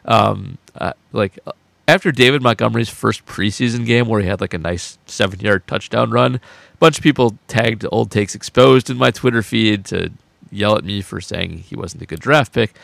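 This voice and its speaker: A man's voice: fairly low pitch, normal speed, gravelly, a bit bright, no room sound. A man co-hosting a sports podcast, talking casually, laughing often and gleefully boasting about his predictions. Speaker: podcast co-host, football writer.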